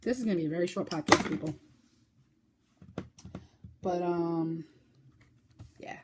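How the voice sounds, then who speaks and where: Host, woman, lowish voice, chatty crafting podcast talk, faint hiss behind. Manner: chatty, fast-talking, with fillers and sudden high baby-talk bursts. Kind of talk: casual crochet podcast chat.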